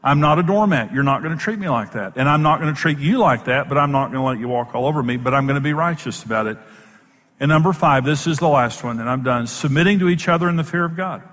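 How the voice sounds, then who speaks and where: A man's voice: a little high, quick pace, fairly bright tone. A man preaching in a reverberant hall. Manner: emphatic and plain-spoken, lists numbered points, often restarts words. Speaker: Bible teacher and program host. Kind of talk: sermon-style marriage teaching to an audience.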